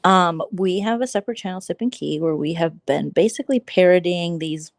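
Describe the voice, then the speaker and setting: A woman's voice: on the low side, a little fast, no room sound. Giggly chatty woman vlogger, dry sound. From Southern California. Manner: chatty, giggly, dramatic reactions. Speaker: vlogger hosting a live chat. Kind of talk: casual late-night live chat. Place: at home, settled somewhere comfy. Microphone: phone.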